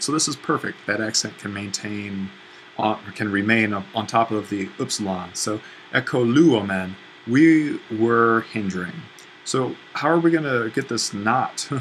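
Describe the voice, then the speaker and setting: A man's voice: lowish voice, a bit bright, a little hiss or hum, rough recording. A man teaching a language lesson, walking through an exercise step by step while thinking aloud, with fillers and self-corrections. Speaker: Greek teacher.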